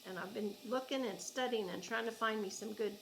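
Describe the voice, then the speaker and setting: A woman's voice: a little high, a little fast, vocal fry, slight background noise, low-quality recording. Chatty Oklahoman woman gushing over yarn. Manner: chatty, gushing, thinks aloud. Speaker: crochet vlogger. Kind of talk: casual chat unboxing yarn. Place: home.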